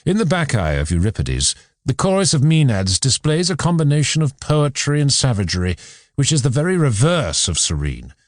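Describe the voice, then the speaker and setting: A man reading a philosophy book aloud in a measured, expressive way. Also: medium pitch, no room sound, studio quality. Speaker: audiobook reader. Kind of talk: scripted narration.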